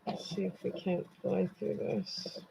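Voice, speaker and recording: A woman's voice: medium pitch, level tone, measured pace, gravelly, mellow, breathy edge, poor audio. A woman hosting a casual true crime livestream from her computer desk, chatting bluntly with viewers and swearing freely. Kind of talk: casual live-stream chat with viewers.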